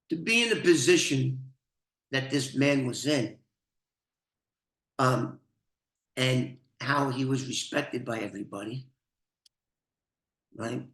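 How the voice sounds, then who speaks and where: Older male storyteller, unhurried, foul-mouthed, bright and echoey. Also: mid-range voice. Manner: profane, rambling, laughs often. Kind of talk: casual storytelling. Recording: roomy echo.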